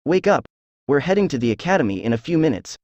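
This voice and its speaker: A man voicing a loud, eager teenage boy ninja who hollers his lines. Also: fairly high pitch, big pitch swings, fast, dry recording, dull audio. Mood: hollering.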